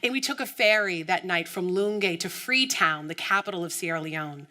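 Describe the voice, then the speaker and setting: A woman from the United States giving an inspirational keynote talk, telling her story with animated storytelling and acting out the voices of the people in it. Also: fairly low pitch, moderate pace. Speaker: keynote speaker.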